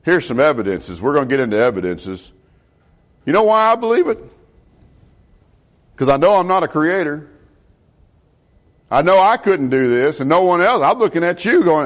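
A middle-aged man, a pastor preaching a sermon in an animated way and asking the congregation questions. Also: a little high, moderate pace, long pauses.

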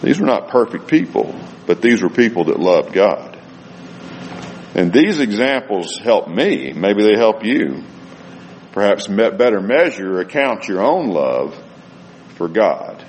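A man delivers a sermon, reading long scripture passages aloud and stressing key words. His voice rises and falls in wide, lively swings. It carries through a reverberant hall over a faint hum of ambience. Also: lowish voice, a little slow. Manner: reads scripture aloud, rising and falling emphasis. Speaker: preacher.

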